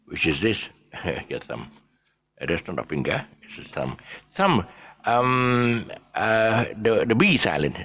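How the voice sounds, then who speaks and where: A middle-aged man with a Malaysian English accent gives a casual pronunciation lesson. His voice is very deep and gravelly, and his pitch swings widely as he repeats example words in a chatty, easygoing way. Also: a bit bright.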